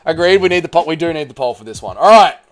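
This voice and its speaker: In this casual livestream reaction chat, an Australian man swears freely while talking with viewers. He's a fast talker with a fairly high, expressive voice.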